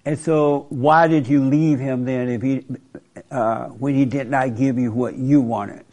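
A man's voice: mid-range voice, fairly even intonation, unhurried, a little mellow. A man preaching informally in a blunt, colloquial way, questioning a listener. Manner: blunt, colloquial, laughs at his own points.

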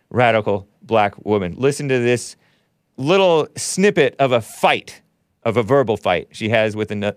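A man's voice: lowish voice, no room sound, studio quality. A man hosting a call-in radio show, talking bluntly and combatively, with scornful remarks and short dismissive laughs. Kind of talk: call-in talk radio monologue.

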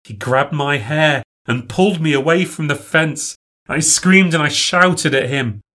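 A man's voice: on the high side, a little slow, pushed and bright. Man, first-person ghost story narration, emotional, rises with tense moments. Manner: emotional, rising with the drama.

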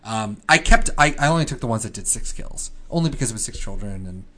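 Male podcast co-host, casual, lively pitch, bursts into a newsboy voice for headlines. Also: fast talker, a crowd in the background. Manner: reads headlines in a loud old-time newsboy voice. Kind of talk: casual chat, reading old headlines.

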